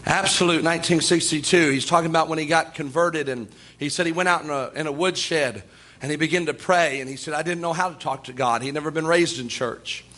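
A man's voice: fairly high pitch, fairly quick, fairly bright tone. A man preaching a sermon in a folksy storytelling way, often chuckling and repeating "oh my".

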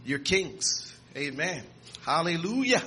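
A man preaching a sermon, reading scripture aloud with restarts and repeats, and rising to shouts and exclamations. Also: a little high, very animated, slow pace, slight background noise.

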